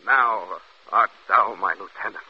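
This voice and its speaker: An actor playing a jealous, tormented general in a 1950s radio drama, bursting into furious, anguished outbursts on an old radio broadcast. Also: male voice, fairly low pitch, measured pace, husky, lo-fi sound. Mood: vengeful.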